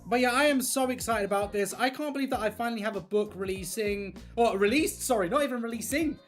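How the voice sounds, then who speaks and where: A livestream host and content creator chatting casually with viewers while colouring, excitable and gushing. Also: medium pitch, fast, faint music behind. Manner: excitable and gushing, talking to chat.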